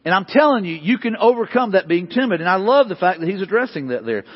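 Man preaching, high voice, slightly husky, long hall echo, dull lo-fi sound. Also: very animated, quick pace. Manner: earnest, emphatic preaching with repeated phrases. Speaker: pastor. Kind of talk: sermon.

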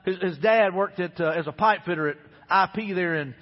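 A pastor from Alabama preaches a sermon, earnest and conversational, going back over his points again and again. His high voice moves briskly, and the recording in the church sanctuary sounds dull, with a long hall echo.

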